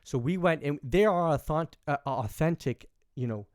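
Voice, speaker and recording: A man's voice: a little high, moderate pace, no room sound. Rambling young Canadian man, dry sound. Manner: rambling, filler-heavy, animated quoting. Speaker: podcast host. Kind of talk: casual storytelling chat.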